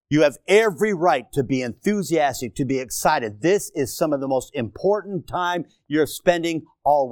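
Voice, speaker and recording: A man preaching a lively, playful sermon to his congregation in a church, talking straight to them and joking with them. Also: mid-range voice, dry recording, clean studio sound. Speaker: pastor. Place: church auditorium.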